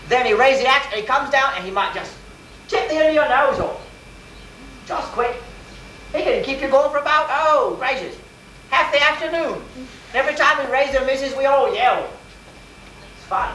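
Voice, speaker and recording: A man with a rather high voice plays a medieval villager, spinning rambling tales in old-timey rustic grammar and turning to quiz his listeners. The sound is an old camcorder recording that echoes and comes from some way off, with a faint hiss underneath. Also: very animated, brisk, long pauses, pushed and bright, recorded from a distance. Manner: talks straight to listeners and asks them questions. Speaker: costumed medieval storyteller. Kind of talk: first-person historical role-play for an audience. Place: school event crowd area.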